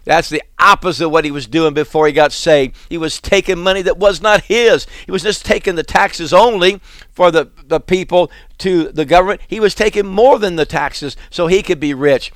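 Emphatic preacher with a clear, dry voice. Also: male voice, on the high side, a bit bright, dry recording. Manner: emphatic preaching, drawn-out stresses, rising to fervent exhortation. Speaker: pastor. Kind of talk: sermon.

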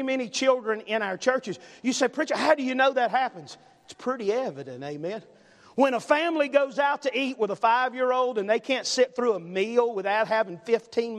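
High-voiced, emphatic older preacher. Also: male voice. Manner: emphatic, repetitive, punctuating with "amen?". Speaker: pastor. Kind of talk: sermon. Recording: long reverb in a large hall.

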